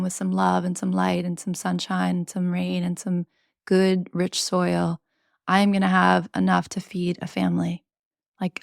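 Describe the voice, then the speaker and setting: A woman's voice: medium pitch, creaky, no room sound, clean studio sound. A woman hosting a tarot podcast, talking in an earnest, chatty way with slangy asides. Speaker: podcast host reading tarot. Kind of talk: casual spiritual monologue.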